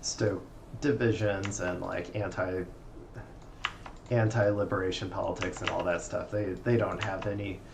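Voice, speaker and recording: Male co-commentator, low fry-heavy voice, sarcastic, laid-back. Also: little pitch movement, a little slow, background noise. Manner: dry, sarcastic jokes, laughs a lot. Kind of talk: casual reaction chat.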